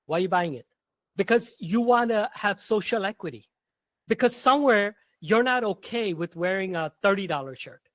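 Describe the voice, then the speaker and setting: A man's voice: high voice, fairly bright tone, dry recording. A man talking as a podcast guest, telling stories bluntly and emphatically, with casual slang. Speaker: guest, entrepreneur.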